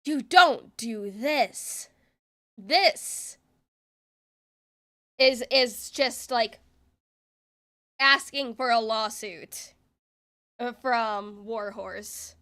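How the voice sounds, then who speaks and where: A woman's voice: fairly high pitch, extremely slow, long pauses, bright, forceful tone. A woman streamer giving exasperated, sarcastic reaction commentary and swearing freely.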